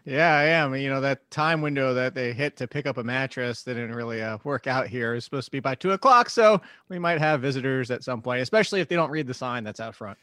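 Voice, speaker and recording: A man calling in from home as a guest analyst, talking in a relaxed, conversational way. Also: medium pitch, a little fast, hardly any pauses, no room sound, studio quality. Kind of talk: casual podcast chat, call-in.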